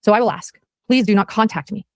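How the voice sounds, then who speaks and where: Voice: medium pitch, creaky, no room sound, studio quality. A speaker in a played video clip who reads a prepared statement in a defensive tone. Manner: rapid, defensive, reading from a script.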